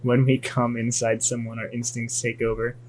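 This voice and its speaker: A young man hosting a podcast, recapping a comic's plot in a deadpan, crude way. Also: mid-range voice, moderate pace, slight background noise, low-quality recording. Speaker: podcast host.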